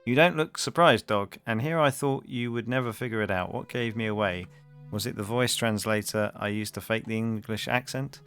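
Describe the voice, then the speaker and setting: A man's voice: on the low side, moderate pace, fairly bright tone, clean tone, faint music behind. A man reading as a smug treacherous crime boss. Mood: taunting. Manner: mocking, calls everyone dog.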